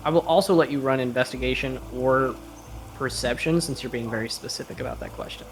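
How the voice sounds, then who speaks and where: A man's voice: medium pitch, brisk, soft background music. A man running a tabletop game as game master, describing scenes casually with lots of fillers.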